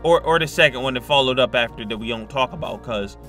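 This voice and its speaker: A man's voice: medium pitch, quick pace, a bit bright, faint music behind. A young man commentating a Minecraft horror play-through, slangy and jumpy, yelping and screaming at scares. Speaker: gaming YouTuber.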